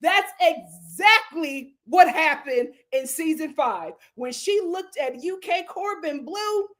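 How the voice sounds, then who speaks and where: Recapping a reality show, this American host tells the story dramatically and animatedly, laughing often. She has a high voice and a slow pace.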